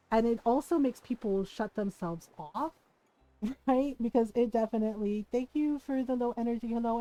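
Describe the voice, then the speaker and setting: Candid, swearing woman streamer, higher voice. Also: warm tone, no echo, poor audio. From Filipino family background. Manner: candid and profane, tags lines with "right?"; laughs often mid-sentence. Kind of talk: casual chat with stream viewers while gaming.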